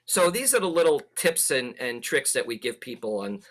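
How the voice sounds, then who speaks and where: A man teaching Morse code in a webinar, explaining in a lively way and acting out his points. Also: mid-range voice, moderate pace. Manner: lively, demonstrative, imitates pacing. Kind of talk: webinar presentation.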